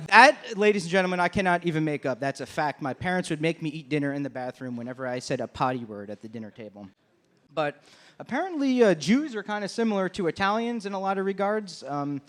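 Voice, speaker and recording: A young man working a comedy club stage with a stand-up set, his voice sitting a little high for a man. He delivers crude, brash punchlines with a casual, conversational rhythm.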